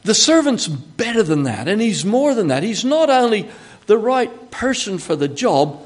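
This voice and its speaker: Unhurried and sing-song, this older Australian man's high voice carries a sermon that feels like a friendly chat. He jokes and wanders into asides while teaching, then turns emphatic when quoting God.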